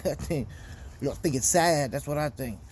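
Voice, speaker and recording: A man's voice: on the high side, fairly quick, darkish tone, a little hiss or hum. A young man telling a weekend story as host, casual and profane, heated as he talks. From Florida. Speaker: podcast host.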